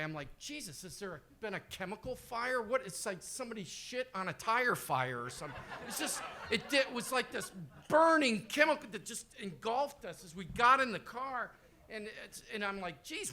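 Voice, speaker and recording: A man's voice: high-pitched, bright, forceful tone. A man in his fifties doing rambling, profane, self-deprecating stand-up storytelling. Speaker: comedian.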